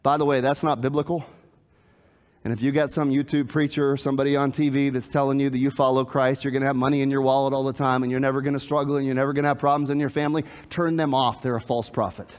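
A man preaching a sermon, animated, asking the congregation questions and acting out scenes. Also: medium pitch, fast talker, in a large hall. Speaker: pastor.

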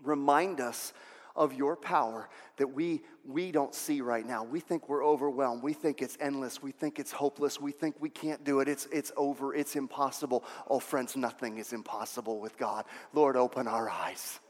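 A man preaching a sermon, animated, acting out voices and swinging from loud to hushed. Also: mid-range voice, moderate pace. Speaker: pastor. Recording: long hall reverb.

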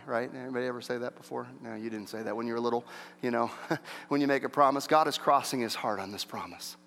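A man preaching a sermon as pastor, swinging from emphatic, rising repetition to quieter, intimate explanation. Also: medium pitch, steady tone, quick pace, big-room sound.

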